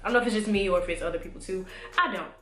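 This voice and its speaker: A woman's voice: medium pitch, rapid-fire, a bit bright. A young woman vlogging to camera in a casual, rambling way with lots of fillers, a little congested. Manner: chatty, rambling, many fillers. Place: home room. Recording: echoey room.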